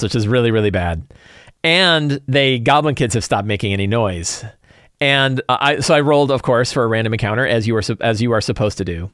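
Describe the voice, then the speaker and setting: Game master, male, rambling and lively, dry close sound. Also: mid-range voice, dry recording. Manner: rambling with many restarts. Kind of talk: casual game prep talk.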